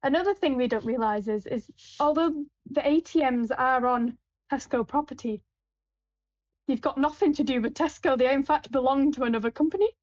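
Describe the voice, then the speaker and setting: In a dull, dry, lo-fi clip, a woman on the supermarket tills tells a chatty story, restarting and filling gaps as she goes. Her high-sitting voice has a darkish tone and moves at a moderate pace.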